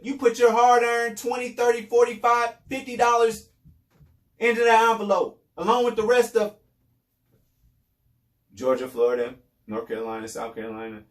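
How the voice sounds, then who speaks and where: A man's voice: extremely high pitch, echoey room, far from the mic. A man hosting a podcast, giving casual commentary in a loose, repetitive way with sarcastic asides. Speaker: podcast host.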